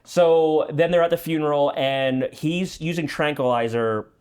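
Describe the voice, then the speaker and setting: A man hosting a casual movie discussion, eagerly recapping scenes with quick restarts. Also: on the high side, a little mellow, clear, resonant tone. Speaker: podcast host.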